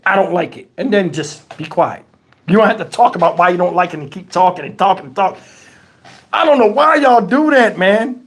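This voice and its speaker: A middle-aged man hosting a casual livestream, telling a story in an animated, exasperated way with a lot of cursing. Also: high voice, fairly quick. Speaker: YouTube channel host.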